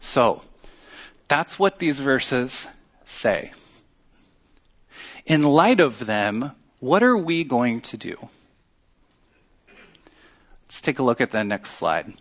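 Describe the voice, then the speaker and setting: A man preaching a sermon as pastor, earnest and teaching, with emphatic pauses. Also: mid-range voice, very animated, fairly bright tone.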